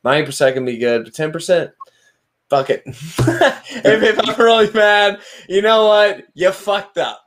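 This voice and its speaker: A man's voice: high voice, steady tone, moderate pace, a bit bright, a little hiss or hum. A man hosting a podcast, chatting in a laid-back, slangy way with plenty of profanity. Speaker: podcast host. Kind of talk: casual conversation. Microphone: livestream podcast mic.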